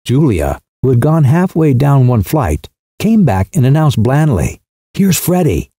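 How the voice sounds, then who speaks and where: A man's voice: medium pitch, very animated, a little slow, mellow, husky, no echo, studio quality. A man narrating a literary short story as an audiobook, shifting his voice for the characters.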